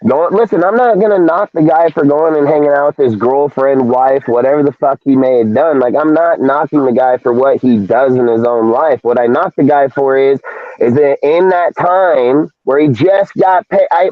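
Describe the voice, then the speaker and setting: On his casual sports talk show, a podcast host rants in a heated way, with plenty of swearing. His voice is on the high side. The recording has no room sound and comes across dry and tinny, almost like a phone line.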